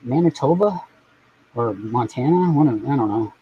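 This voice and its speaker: A man's voice: mid-range voice, animated, moderate pace, dull audio, a little hiss or hum. A man chatting casually on a live stream, rambling and swearing offhand as he reacts to things.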